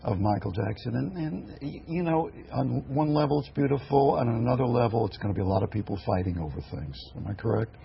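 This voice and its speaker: A man co-hosting a TV morning show, asking his questions carefully and at a measured pace. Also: mid-range voice, animated, vocal fry, slight background noise. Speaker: co-host. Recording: slightly dull TV broadcast audio.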